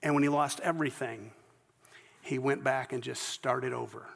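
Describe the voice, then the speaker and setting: A man's voice: medium pitch, fairly even intonation, normal speed, gravelly, a bit bright, long reverb tail. A man with a Southern US accent preaching a sermon as pastor. He tells stories earnestly and often restarts his sentences. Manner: storytelling, earnest, with false starts.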